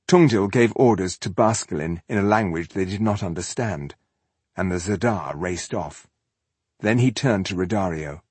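A man narrating an audiobook in an expressive storytelling manner. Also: deep voice, moderate pace, husky, no echo. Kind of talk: scripted narration.

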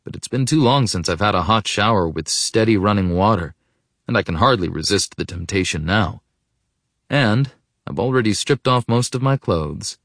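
Deep-voiced male audiobook narrator. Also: dry recording, studio quality. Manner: reflective, intimate, softening to hushed. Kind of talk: first-person audiobook narration.

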